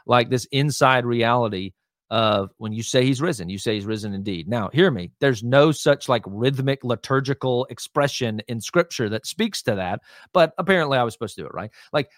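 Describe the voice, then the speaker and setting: A man's voice: mid-range voice, expressive, dry recording, clean studio sound. A man who is a lead pastor, talking casually as a guest on a podcast. He teaches with emphasis, often pressing "right?" and "hear me", with fillers and restarts. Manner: many fillers and restarts, quick asides. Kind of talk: casual conversational interview.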